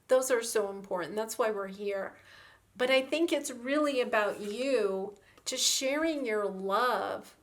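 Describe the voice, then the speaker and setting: A woman's voice: a little high, a bit bright. A woman giving a tarot reading, gushing and effusive, with many fillers as she talks. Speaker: tarot reader.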